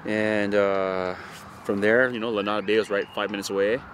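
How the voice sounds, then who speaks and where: A man's voice: fairly low pitch, moderate pace, a little hiss or hum. A man from Hawaii's North Shore, telling a surf story in a casual interview, rambling and full of swearing. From North Shore of Oahu, Hawaii. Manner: profane, rambling, animated retelling. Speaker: interviewee, surfer.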